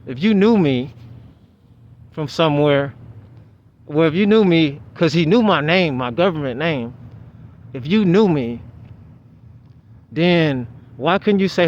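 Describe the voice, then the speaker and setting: A man's voice: on the high side, unhurried, pauses often, slight background noise. Rambling man vlogging outdoors, lo-fi. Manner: rambling, restarts, animated retelling. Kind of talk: casual storytelling monologue. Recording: dull lo-fi outdoor recording.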